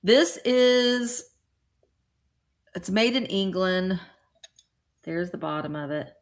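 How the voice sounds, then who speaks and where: A middle-aged woman hosting a casual live stream, chatting with viewers and getting excited over small cute items. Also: mid-range voice, slow pace, long pauses. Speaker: vintage reseller hosting a livestream.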